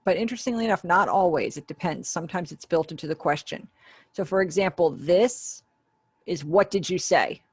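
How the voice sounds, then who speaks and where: A woman's voice: on the low side, fairly quick, a little mellow, breathy edge, dry recording. A woman giving the spoken voice of a sign language teacher in an online class, explaining step by step in a conversational way with small asides. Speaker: ASL voice interpreter for a webinar teacher.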